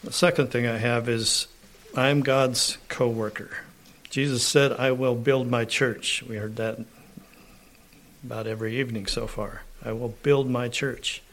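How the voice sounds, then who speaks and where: A man preaching a sermon. He clears his throat often and reads scripture aloud with rising emphasis. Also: mid-range voice, steady tone, a bit bright. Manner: slow, unhurried preaching with frequent throat clearing.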